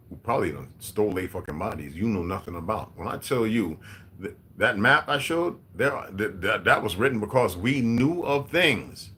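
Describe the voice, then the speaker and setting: Man with a forceful, bright voice. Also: fairly low pitch, a little hiss or hum. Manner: profane, animated and preachy. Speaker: video host. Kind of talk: rambling monologue.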